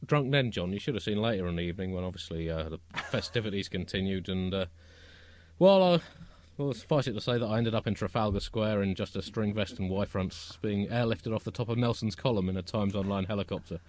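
A man co-hosting a comedy podcast, telling absurd stories in a wry, deadpan manner. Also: on the low side, fairly quick. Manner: wry, deadpan, absurd comic storytelling with chuckles. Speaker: podcast co-host. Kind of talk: comic podcast monologue.

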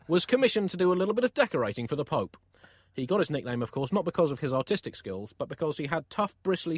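A man co-hosting a comedy podcast, reading scripted satirical news in a deadpan, wordy style. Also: medium pitch, no echo, clean studio sound.

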